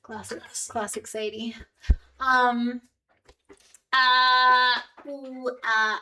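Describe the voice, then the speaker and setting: A woman's voice: a little high, normal speed, pushed and bright, far from the mic, low-quality recording. A woman with an Australian accent, chatting casually with her live-stream audience and rambling with lots of "like". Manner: chatty, rambling, heavy use of "like".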